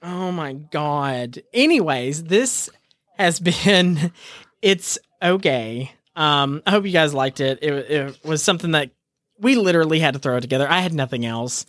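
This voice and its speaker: A man's voice: on the high side, lively intonation, unhurried, fairly bright tone, no echo, clean studio sound. A man co-hosting a podcast in casual chat, ranting dramatically and laughing at his own frustration. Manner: exasperated, dramatic, rants with laughter. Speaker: podcast co-host.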